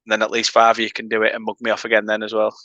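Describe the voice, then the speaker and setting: A man's voice: fairly low pitch, monotone, very fast, sharp tone, dry recording, dull audio. A man with a northern English accent hosting a casual football watchalong, chatting with viewers between play-by-play remarks. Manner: chatty banter with viewers, laughing asides. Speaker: fan channel host.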